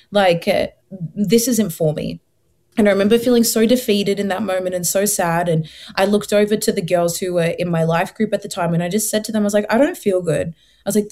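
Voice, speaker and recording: A young woman, telling her faith story as an interview guest, earnest and animated, acting out her past thoughts. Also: medium pitch. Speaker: guest sharing her testimony. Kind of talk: emotional personal testimony.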